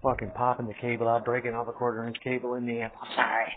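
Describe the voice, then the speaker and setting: A man's voice: mid-range voice, fast talker, few pauses, husky. A man rambling in a profane monologue, laughing often and trailing off mid-thought. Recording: tinny phone-like audio, faint hiss.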